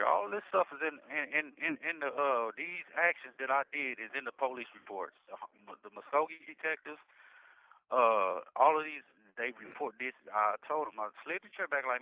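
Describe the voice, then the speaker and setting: A man's voice: mid-range voice, expressive, no echo. Man on a tinny jail phone line. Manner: halting, repetitive, frequent restarts and "you know what I'm saying"; speaks in dialect. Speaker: incarcerated interviewee. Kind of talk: recounting past events in conversation. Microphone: jail phone call.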